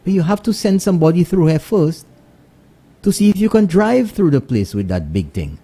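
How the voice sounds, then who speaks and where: A man with a Saint Lucian accent hosting a morning radio show, greeting listeners and mixing English with Kweyol in lively casual chat. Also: high voice, normal speed, slightly rough. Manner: switches between English and Kweyol, animated greetings.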